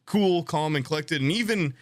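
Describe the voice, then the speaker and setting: A man's voice: fairly high pitch, normal speed, dry recording, clean studio sound. A young man telling a comedic story on a podcast, swearing casually and acting out the voices of the people in it. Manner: animated, swears often, acts out quoted voices.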